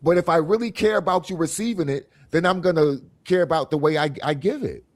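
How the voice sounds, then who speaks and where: A man's voice: on the high side, brisk. A man hosting a casual group talk show, telling vivid stories in analogies and acting out what others say. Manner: animated storyteller, acts out quoted voices, laughs often; speaks in analogies, repeats phrases. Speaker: podcast host.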